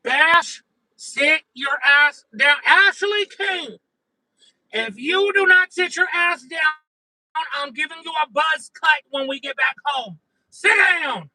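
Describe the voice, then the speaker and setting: A man playing a loud, crude mother yelling threats at her unruly daughters in a comedic skit. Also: very high-pitched, slow pace, no echo, heavily acted, poor audio. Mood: scolding.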